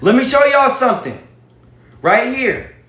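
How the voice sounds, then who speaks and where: A man's voice: extremely high pitch, big pitch swings, unhurried, a bit bright, roomy sound. A man vlogging to his viewers in a casual, emphatic, preachy way, often calling out to them as y'all. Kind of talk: casual direct-to-camera talk.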